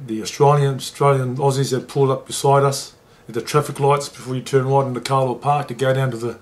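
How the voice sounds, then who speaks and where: In an interview, an ex-rugby league player from New Zealand recounts something emotional, becoming animated as he repeats what others said. He talks fast in a mid-range voice.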